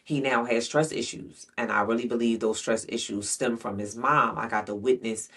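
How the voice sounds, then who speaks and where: A man's voice: medium pitch, steady tone, moderate pace, a bit bright, husky, recorded from a distance. A man telling a frank, rambling personal story in casual slang, storytime vlog style. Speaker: vlogger. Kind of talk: candid storytime monologue.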